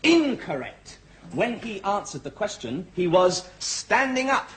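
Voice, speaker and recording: Eager young recruit playing detective, smug, high lively voice, hissy tv sound. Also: male voice, a little slow, full character voice. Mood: explaining. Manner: animated, self-satisfied. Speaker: RAF trainee. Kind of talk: 1980s TV sitcom acting. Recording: noisy old TV soundtrack.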